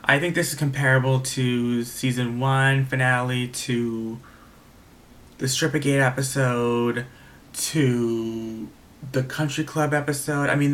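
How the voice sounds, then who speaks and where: A young man giving a casual, animated video review of a reality show, swearing often and repeating himself, with faint background noise. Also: medium pitch, creaky.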